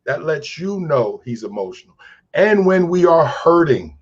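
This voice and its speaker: A man's voice: fairly high pitch, very animated, unhurried, husky, dull audio. A man speaking in an interview as a crisis specialist and mentor, telling stories and preaching about feelings with acted-out quotes. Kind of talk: earnest interview talk.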